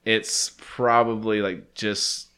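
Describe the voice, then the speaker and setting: A man's voice: on the low side, flat delivery, takes it slowly, bright, forceful tone, clear, resonant tone. A man co-hosting a podcast, chatting casually about a film, laughing often and trailing off into mumbles. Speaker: podcast co-host. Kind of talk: casual movie chat.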